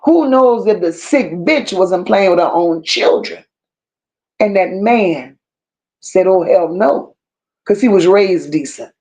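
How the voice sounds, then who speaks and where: A woman delivers an unscripted rant in a medium voice, leaning hard on each word with open scorn. Her pace is unhurried and drawn out, and she breaks off now and then to read viewer comments aloud. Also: mid-range voice, animated, dark tone. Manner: slow, emphatic and scornful, with drawn-out insults. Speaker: commentary channel host.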